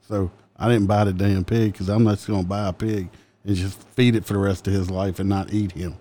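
Joking, low-voiced co-host. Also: male voice, little pitch movement, moderate pace, mellow. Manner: teasing, joking, laughing often. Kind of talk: casual banter.

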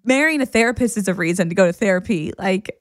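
A woman hosting a podcast, telling a personal story in a casual, animated way and laughing often as she goes. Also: mid-range voice, fast, no room sound, clean studio sound. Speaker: podcast host and therapist.

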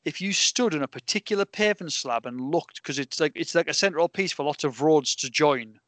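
A man's voice: a little high, normal speed, fairly bright tone, no echo. A man hosting a podcast, chatting easily and reading out listener questions. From Newcastle, England. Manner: chatty, laughs often, reads out listener questions. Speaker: podcast host. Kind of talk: casual podcast chat.

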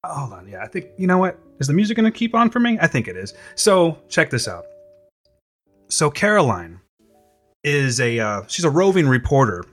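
A man co-hosting a comedy podcast, improvising sarcastic, dramatic story pitches and addressing his partner by name. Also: very animated, moderate pace, a bit bright, soft background music.

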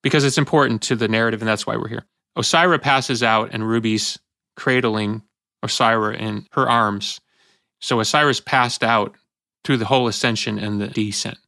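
A man hosting a casual podcast debate, animated and acting out little voices as he tells a story. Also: lowish voice, moderate pace, dry recording, clean studio sound. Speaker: podcast host.

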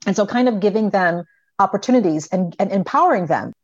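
A middle-aged woman, a pediatric psychologist, talking in an interview and telling stories with lively quoted voices of her kids. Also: medium pitch, moderate pace, dry recording. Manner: animated storyteller, voices her children in quotes. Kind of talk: conversational interview. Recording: dry, dull lo-fi remote audio.

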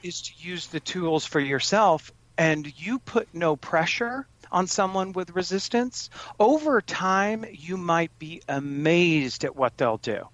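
A man's voice: a little high, slow pace, few pauses, fairly bright tone, no echo, highs cut off. A man giving parenting advice in conversation, earnest and often restarting his sentences. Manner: earnest, with frequent restarts and stammered starts. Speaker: parenting coach.

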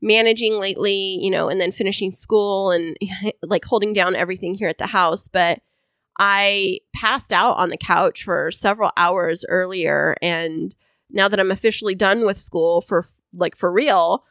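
A woman's voice: mid-range voice, moderate pace, a bit bright, dry recording, clean studio sound. A woman co-hosting a podcast, chatting casually with teasing, mock-annoyed banter. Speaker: podcast co-host.

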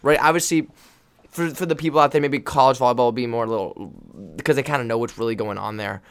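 A man hosting a casual podcast with a playful edge. He jumps in often with questions for his guests and the listeners. His voice sits at a middle pitch. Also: quick pace, clear, resonant tone. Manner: playful, interrupting. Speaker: podcast host, college volleyball player. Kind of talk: casual chat.

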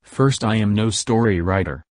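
Text-to-speech male narrator, lowish pitch, dry sound, flat report-style reading. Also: moderate pace, dry recording. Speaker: storyteller sharing paranormal accounts.

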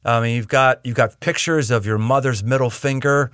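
A man's voice: medium pitch, fairly even intonation, moderate pace, fairly bright tone, clear, resonant tone, dry recording, clean studio sound. A man hosting an interview, asking long teasing questions. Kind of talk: conversational interview.

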